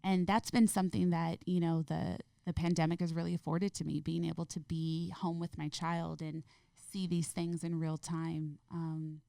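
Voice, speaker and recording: A woman speaking as a podcast guest in an earnest, gentle, heartfelt way. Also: low-pitched, little pitch movement, normal speed, vocal fry, dry recording, clean studio sound. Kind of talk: reflective interview conversation.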